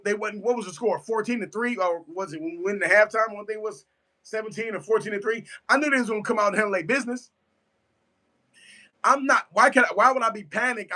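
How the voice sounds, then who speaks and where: Emphatic high-voiced man reacting to football. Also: sharp tone. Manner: emphatic, repeats himself, answers chat. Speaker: sports fan streamer. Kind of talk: casual live sports reaction.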